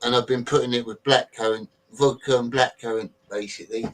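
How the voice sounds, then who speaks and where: A man's voice: mid-range voice, steady tone, a little fast, low-quality recording. Chummy man hosting a live stream. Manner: chummy, greets guests one by one. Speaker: birthday stream host. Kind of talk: casual live-stream chat.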